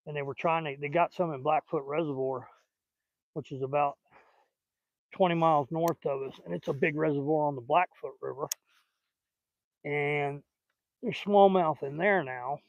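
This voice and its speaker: Older man, Southern accent, folksy rambling, fairly high voice, dry close sound, outdoor fishing chat. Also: dry recording, highs cut off. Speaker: fishing vlogger. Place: outdoors by a lake.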